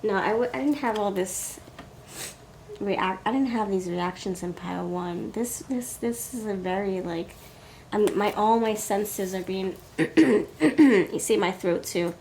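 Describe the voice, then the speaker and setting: A woman's voice: medium pitch, a little slow, darkish tone, slight background noise. Giggly woman giving a tarot reading. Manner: giggly, coughing and laughing between sentences. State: coughing and sniffling. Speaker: tarot reader. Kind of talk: casual pick-a-card tarot reading.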